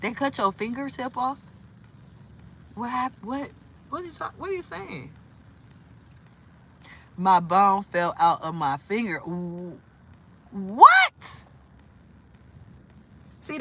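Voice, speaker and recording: A woman from Louisiana hosts a casual livestream chat, her voice pitched a little high and very bright. She talks in an exclamatory, incredulous way and breaks into laughter often. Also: big pitch swings, normal speed, long pauses, breathy edge. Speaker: livestream host.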